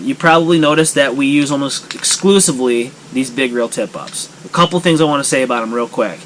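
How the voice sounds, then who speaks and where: A man's voice: on the high side, a bit bright, a little hiss or hum, rough recording. A man hosting a fishing show, explaining his gear in a casual, matter-of-fact way from a garage. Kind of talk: casual outdoor vlog narration.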